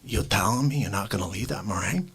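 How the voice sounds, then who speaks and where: A man doing a celebrity impression of a cranky old man, ranting in a rambling way with husky whispers and sudden shouts. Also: lowish voice, fast talker, heavy background noise, voice pushed down, natural voice. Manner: rambling rant, bursts into shouts. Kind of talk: comedic improvised rant.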